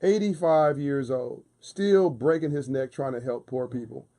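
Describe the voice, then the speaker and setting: A man's voice: mid-range voice, measured pace, mellow. A man talking as a guest on a radio show, passionate and emphatic with a preaching cadence, repeating phrases for force. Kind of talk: casual radio interview talk. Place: radio studio.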